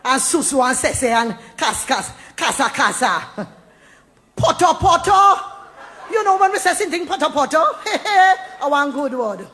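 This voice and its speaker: A woman's voice: sits high, sing-song, moderate pace, a bit bright, a little hiss or hum. A woman with a Jamaican accent talking and reciting verse, playful and laughing often, slipping into Jamaican Patois. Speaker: poet and storyteller. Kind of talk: lively spoken talk with recited verse.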